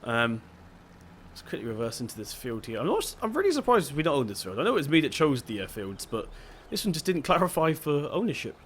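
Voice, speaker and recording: A man's voice: fairly high pitch, huge pitch swings, brisk, slight background noise. A young man giving casual let's-play commentary as a gaming video host, chatty and rambling, often stopping to correct himself.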